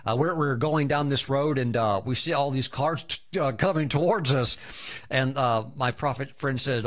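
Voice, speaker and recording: A male pastor preaching a lively sermon, telling anecdotes and breaking into exuberant shouts of hallelujah and praise. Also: mid-range voice, normal speed.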